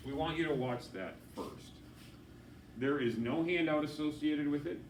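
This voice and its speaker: A man's voice: on the high side, lively intonation, moderate pace, slight background noise. A man co-teaching a class, giving plain instructions and repeating the key points. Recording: echoey classroom, far from mic.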